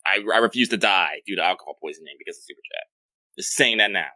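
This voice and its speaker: A man with a mid-pitched, bright, animated voice chats quickly and jokes with his co-host. The sound is close and dry. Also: no echo. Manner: laid-back, joking, reads listener mail. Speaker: podcast co-host. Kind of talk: casual gaming podcast chat.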